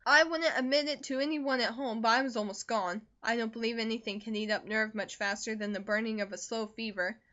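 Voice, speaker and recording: A woman reads as a young man getting over a long fever, still cheerful and eager to talk. He comes across as brisk and emphatic. The audiobook sound is a little dull in the highs. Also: fairly even intonation, bright, forceful tone.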